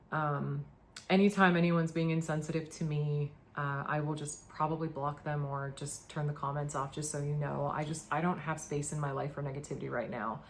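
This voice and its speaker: Woman vlogger, low voice, sleep-deprived, earnest and halting. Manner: emotional, halting, many fillers and restarts. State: tired from lack of sleep. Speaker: pet owner vlogger. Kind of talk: casual to-camera update.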